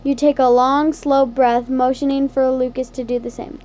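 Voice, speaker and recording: A woman narrating a second-person interactive story in a soft, unhurried storytelling manner. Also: high-pitched, flat delivery.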